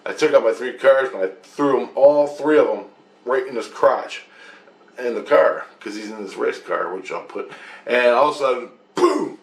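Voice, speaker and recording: Gravelly man rambling through a story. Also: medium pitch, moderate pace, echoey room. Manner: rambling, profane, animated retelling. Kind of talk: casual storytelling monologue.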